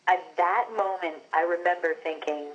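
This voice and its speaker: A woman's voice: on the low side, steady tone, normal speed, a bit bright, highs cut off. A woman actress from Long Island, telling stories animatedly in a casual interview, with frequent "like" and "you know". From Long Island, New York. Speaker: actress, guest.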